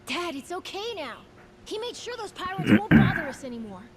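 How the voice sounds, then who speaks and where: A woman's voice: very high-pitched, wildly swooping pitch, brisk, full character voice. An actress playing an earnest young daughter in a video game who reassures her father. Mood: pleading. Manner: pleading, reassuring.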